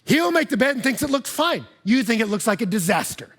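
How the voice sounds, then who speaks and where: A man preaching a sermon as pastor, lively and humorous, acting out couples' voices. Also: very high voice, brisk.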